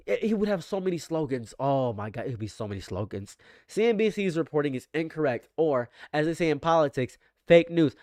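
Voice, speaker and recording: Brief: male streamer doing reaction commentary, excitable, incredulous, voice a bit high, dry close-miked sound. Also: fairly quick, dry recording. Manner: excitable, incredulous, jumps up loud and high in outbursts.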